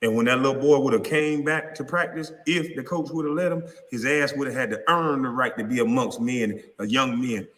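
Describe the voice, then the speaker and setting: A man's voice: mid-range voice, brisk, few pauses, a bit bright. A man in his thirties delivering a heated, profane vlog rant, angry and confrontational as he addresses people directly. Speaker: vlogger. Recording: long reverb.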